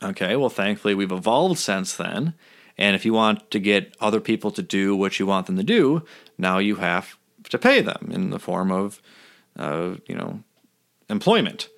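A man's voice: sits low, sing-song, moderate pace, creaky. A man giving a casual explainer over his own drawings, blunt and sardonic, with some swearing. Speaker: video essayist.

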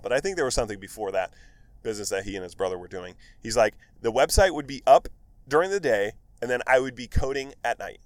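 A man's voice: medium pitch, dry recording. Rambling man with a dry sound. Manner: rambling, filler-heavy, animated storytelling. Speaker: podcast host, medical device rep. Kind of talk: casual solo podcast monologue.

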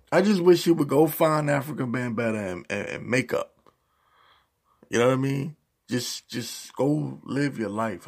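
Gravelly-voiced man ranting casually. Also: mid-range voice. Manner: profane, animated ranting with slang. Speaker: YouTube commentator.

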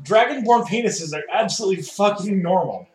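A man's voice: high-pitched, lively intonation, fairly quick, darkish tone. A man narrating as dungeon master in a casual, profane way. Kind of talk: narrating a tabletop game. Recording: echoey room with chatter.

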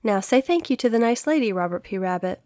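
A woman's voice: fairly high pitch, animated, fast talker, darkish tone, dry recording, clean studio sound, pitched above the performer's own voice, lightly acted. A woman voicing an earnest, polite young girl in a children's audiobook, a little bossy toward her brother. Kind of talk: storybook narration.

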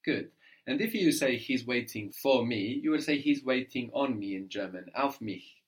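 During a one-on-one language lesson, a male teacher speaks at a moderate pace with a medium pitch and lively intonation. He prompts patiently and keeps checking comprehension by asking "no?".

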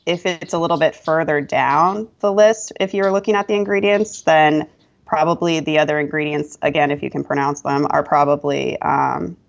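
Woman, podcast guest, low pitch, gravelly fry, relaxed advice-giving, muffled lo-fi recording. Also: moderate pace. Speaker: guest esthetician and yoga instructor. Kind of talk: casual podcast interview.

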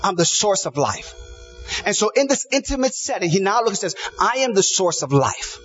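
A man's voice: sits high, sing-song, moderate pace, fairly bright tone, muffled recording, faint music behind. A man preaching a sermon, emphatic, piling up repeated phrases and quoting scripture. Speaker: pastor.

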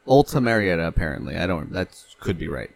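A man's voice: sits low, big pitch swings, fast, vocal fry, no room sound. A young man from California chatting on a podcast, rambling loosely, swearing casually and laughing easily. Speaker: podcast co-host. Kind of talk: casual chat.

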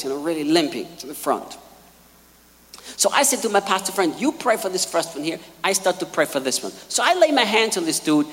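Animated male preacher in an echoing hall. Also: a little high. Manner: animated storytelling, acting out quotes. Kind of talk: sermon.

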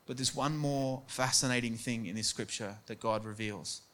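A man's voice: medium pitch, moderate pace, fairly bright tone. A man preaching a sermon in an earnest way, acting out quoted voices and repeating words for emphasis. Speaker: pastor.

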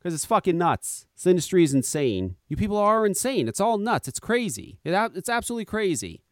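A man's voice: high-pitched, sing-song, fairly quick, no echo, studio quality. A man hosting a talk radio podcast, ranting sarcastically with heavy swearing. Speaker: podcast host.

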